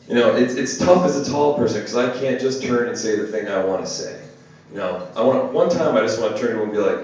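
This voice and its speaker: A young man performing a deadpan stand-up comedy set to a small audience. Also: fairly low pitch, fairly quick. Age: young adult. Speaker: stand-up comic. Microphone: phone camera across the room. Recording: distant echoey phone video of a club set. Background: audience laughter.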